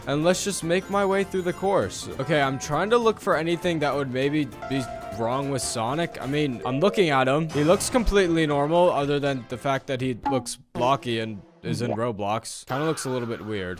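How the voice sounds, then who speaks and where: A young man giving excitable horror game commentary, jumpy and screaming at scares. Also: on the high side. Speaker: gaming video creator. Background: game music.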